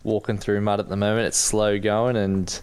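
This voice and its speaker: A man's voice: on the low side, little pitch movement, moderate pace, a little mellow, clean tone. A man co-hosting a podcast, talking in a dry, wry way. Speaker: co-host. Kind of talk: casual podcast chat.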